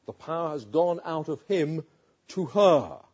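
A man preaching a sermon, retelling a story with rhetorical questions and dramatic pauses. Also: fairly high pitch, lively intonation, a little mellow, slightly rough, lo-fi sound.

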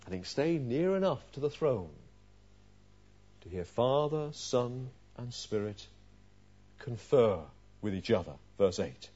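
A man preaching an expository sermon. He puts questions to his listeners and moves from loud, stressed phrases to quiet asides. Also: mid-range voice, lively intonation, a little slow, long pauses. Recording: dull lo-fi sermon recording.

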